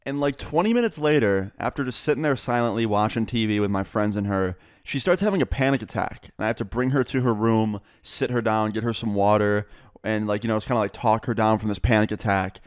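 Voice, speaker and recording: A man's voice: fairly low pitch, fairly quick, clear, resonant tone, no echo, studio quality. A young man telling a storytime vlog in a casual, chatty way, with lots of filler words. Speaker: vlogger.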